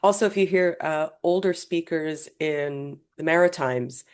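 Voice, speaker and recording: A woman hosting a conversational interview, telling stories in an animated, emphatic way. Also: low voice, a little slow, clean tone. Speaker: podcast host.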